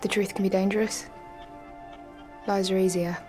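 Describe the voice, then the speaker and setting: An actress playing a cynical young woman narrating calmly and quietly, as if confiding. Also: mid-range voice, moderate pace, faint music behind, lightly acted. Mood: wry.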